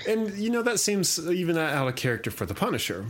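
A man hosting a casual chat show, retelling a story in a long-winded, animated way. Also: high-pitched, fast talker, a little hiss or hum.

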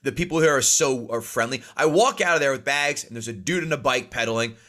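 A man with a North Jersey accent telling animated stories in casual chat as a podcast host. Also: medium pitch. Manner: fast, animated storytelling with swearing.

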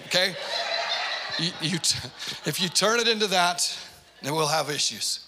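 A man in his forties preaching a sermon, telling stories with playful asides and lively, animated delivery. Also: high voice, normal speed, pauses often, noisy background. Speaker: pastor.

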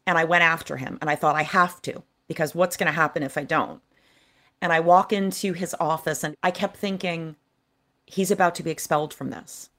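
A woman guest author with a low, a bit bright voice speaks fairly quickly and with fairly even intonation. In an interview, she earnestly recounts a personal memory from her childhood.

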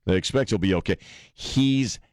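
A man's voice: lowish voice, normal speed, darkish tone, no room sound, studio quality. A man hosting a radio talk show, chatting loosely with lots of fillers and self-mocking jokes. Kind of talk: casual talk radio chat. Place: radio studio. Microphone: studio microphone.

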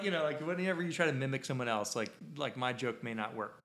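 A man's voice: mid-range voice, animated, fast, fairly bright tone. A man hosting a podcast, telling a casual story in a rambling, self-interrupting way. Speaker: podcast host. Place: podcast studio. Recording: echoey room.

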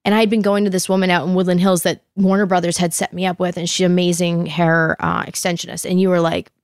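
A woman in her thirties chatting casually, telling lively stories full of "like" and acting out what people said. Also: fairly low pitch, fast talker, clear, resonant tone, dry recording, clean studio sound. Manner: animated storyteller, heavy "like", acts out quotes. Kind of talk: casual chat.

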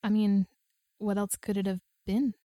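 A woman's voice: medium pitch, flat delivery, mellow, no room sound, clean studio sound. A woman player in a tabletop horror game, speaking in character in a playful, joking way. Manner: playful, quick to laugh.

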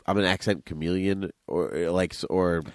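A man's voice: sits low, steady tone, normal speed, no room sound, studio quality. A man from Massachusetts, co-hosting a casual movie podcast, chatty and rambling. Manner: chatty, rambling, easily laughing. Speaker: podcast co-host.

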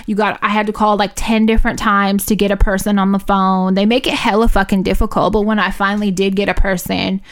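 A woman's voice: medium pitch, a little fast, hardly any pauses. A woman co-hosting a podcast, heatedly retelling a run-in with lots of cursing and quoted back-and-forth. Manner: heated, profane, animated retelling with quoted dialogue. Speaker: podcast co-host. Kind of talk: casual chat, storytelling.

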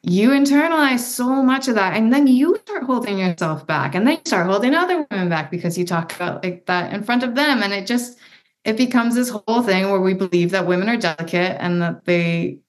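A woman's voice: medium pitch, fairly quick. A woman in her thirties, a podcast guest talking in a casual, emphatic, encouraging way and swearing freely. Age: 30s. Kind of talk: casual interview chat.

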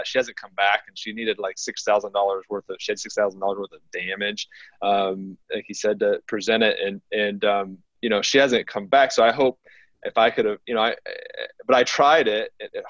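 A man with a lowish voice speaks haltingly, restarting his sentences again and again. The audio is dry and somewhat muffled. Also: a bit bright, no echo. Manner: hesitant, halting, many restarts. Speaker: dentist. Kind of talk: casual chat.

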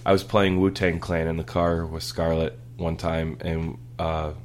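This thirties-aged male podcast host speaks slowly in a low voice with little pitch movement, over slight background noise. He rambles and laughs through family stories, restarting often in a casual storytelling chat.

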